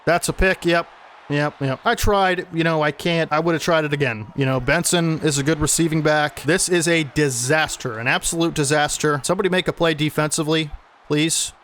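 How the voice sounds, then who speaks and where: A man's voice: a little high, normal speed, a bit bright. A man giving casual play-by-play commentary on the football video game he is playing, sportscaster-style, often adding "man" and getting exasperated at bad plays. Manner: exasperated when plays go wrong. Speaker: gaming YouTuber.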